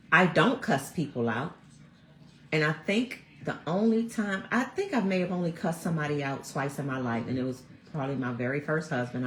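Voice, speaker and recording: A woman in her fifties, hosting a vlog from home and chatting to viewers in a chatty, animated storytelling way. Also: a bass voice, slight background noise. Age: 50s. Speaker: vlog host. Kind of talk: casual chat to viewers. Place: at home, snowed in. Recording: roomy echo.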